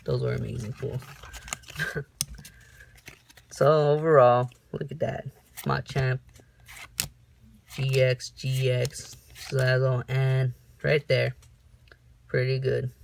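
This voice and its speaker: Slow, gravelly young man opening card packs. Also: expressive, slight background noise. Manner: reads off cards in a slow list, with sudden high whoops. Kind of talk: casual unboxing commentary.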